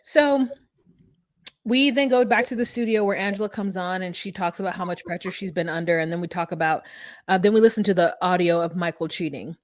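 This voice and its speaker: A woman co-hosting a casual chat, recapping reality TV in an animated, profane way. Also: on the low side, fairly quick. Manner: animated, profane, mimics people in quotes. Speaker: podcast co-host recapping reality TV.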